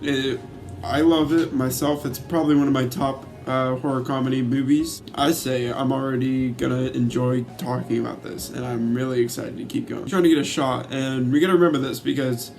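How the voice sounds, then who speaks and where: A man's voice: medium pitch, fairly even intonation, a little fast, vocal fry, a little mellow, faint music behind. A man casually recapping a movie he loves, rambling with many fillers and swearing freely. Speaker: YouTuber reviewing a movie.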